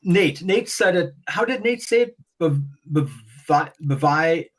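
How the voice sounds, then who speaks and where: A man talking as a guest on a podcast, animated and rambling, often restarting his sentences. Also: sits high, slow pace, slightly rough, poor audio. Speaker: guest breeder. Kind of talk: casual podcast conversation.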